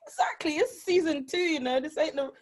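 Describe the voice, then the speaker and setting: A British woman hosting a podcast over a video call, excitable and laughing often. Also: high-pitched, a little fast. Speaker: podcast host.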